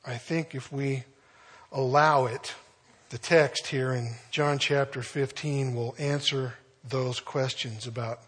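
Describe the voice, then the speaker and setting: A man's voice: medium pitch, steady tone, slow pace, a bit bright, breathy edge. A man preaching a conversational sermon in a folksy storytelling manner, chuckling now and then. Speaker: pastor.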